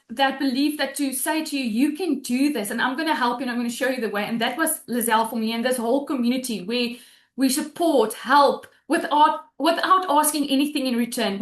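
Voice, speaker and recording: A woman's voice: high-pitched, fairly bright tone, roomy sound. A woman giving a heartfelt, emotional testimonial on a video call webinar, close to tears and often restarting her sentences. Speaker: guest sharing a testimonial.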